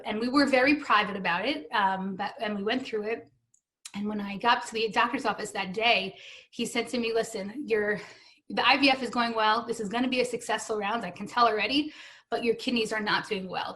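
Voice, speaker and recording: A woman's voice: medium pitch, a bit bright. A woman in her thirties telling her own story in an earnest, emotional way, acting out the voices of the people she quotes. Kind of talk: personal storytelling.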